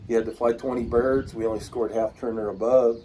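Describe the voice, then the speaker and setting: A man's voice: mid-range voice, fairly even intonation, brisk, dark tone, slight background noise. A middle-aged man from Washington state telling rambling, folksy stories about his start with pigeons in a casual outdoor interview. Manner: rambling, folksy, acts out quoted voices.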